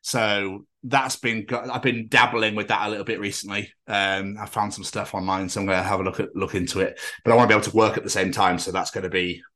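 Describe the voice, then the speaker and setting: A man's voice: lowish voice, level tone, quick pace, few pauses, sharp tone. A man co-hosting a podcast, rambling and joking with lots of swearing. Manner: rambling, jokey, sweary, puts on silly voices. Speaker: podcast co-host. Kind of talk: casual chat.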